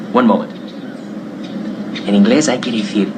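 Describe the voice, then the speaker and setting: A man's voice: mid-range voice, expressive, normal speed, pauses often, noisy background. A man teaching English, acting out a coaxing example dialogue and then explaining the grammar. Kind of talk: acted example dialogue in a lesson.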